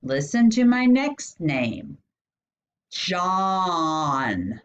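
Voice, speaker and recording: A woman teaching a phonics lesson, sounding out each vowel slowly and lifting her voice on questions. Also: sing-song. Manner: stretches out and sounds out each vowel, asks questions with rising pitch. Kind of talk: slow instructional phonics lesson. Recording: dull lo-fi sound.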